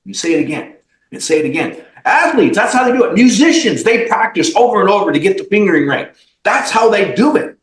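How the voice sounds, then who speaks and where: A high-voiced man talks in big, lively swoops, pressing each point bluntly and swearing now and then. He is a company CEO sitting as a guest on a podcast interview. The room around him rings with a noticeable echo. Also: quick pace. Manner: emphatic, blunt motivational talk with profanity.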